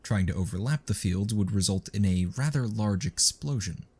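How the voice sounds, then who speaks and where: A man narrating a written story in a steady, measured reading. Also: lowish voice, husky. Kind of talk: scripted narration.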